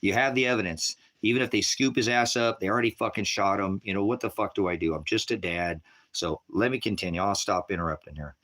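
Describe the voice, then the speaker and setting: A man's voice: fairly low pitch, fast, few pauses, a bit bright. A middle-aged man, a veteran, commenting on his own livestream footage in a rambling, profane and intense way. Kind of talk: emotional video commentary.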